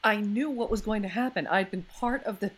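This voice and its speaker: A woman's voice: medium pitch, brisk, breathy edge. A woman voice actor chatting as a podcast guest, gushing and laughing often. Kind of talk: casual podcast chat.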